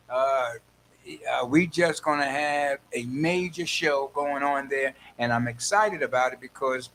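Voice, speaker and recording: An older man with a New York accent hosts a call-in show, riffing in a loose, playful monologue full of mock quotes and chuckles. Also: on the high side. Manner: animated, playful storytelling with laughs and mock quotes. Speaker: host. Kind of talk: casual radio-style monologue.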